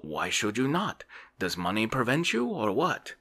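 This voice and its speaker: A brisk, bald little doctor hands down his verdict in a low, crisp voice in this whispered role-play, as a male reader voices him. He is matter-of-fact and decisive, with a dry, jesting edge. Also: wildly swooping pitch, bright, forceful tone, full character voice.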